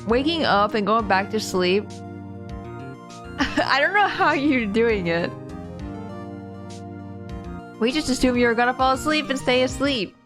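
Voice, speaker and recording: A woman streamer chatting casually and giggling as she plays, with game music behind. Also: fairly high pitch. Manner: giggly, chatty, reacts to chat. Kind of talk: casual chat while playing a game.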